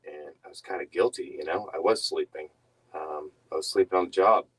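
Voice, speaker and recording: A man's voice: rumbling low, a little fast, fairly bright tone, breathy edge, low-quality recording. A young man telling a rambling story to his stream viewers, laughing often and breaking off mid-sentence. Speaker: reseller streamer.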